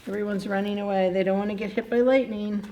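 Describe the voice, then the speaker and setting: A woman's voice: medium pitch, steady tone, quick pace, highs cut off. A woman, a children's librarian, reading picture books at library story time and chatting animatedly with the children, often laughing. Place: public library.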